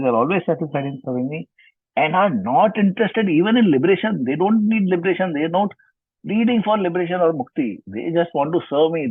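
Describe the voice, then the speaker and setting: A man's voice: a little high, husky, no echo. A man telling scripture stories in an online lesson, explaining, repeating and rephrasing as he goes, on a video call. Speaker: scripture teacher. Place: online session from home. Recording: tinny video-call line.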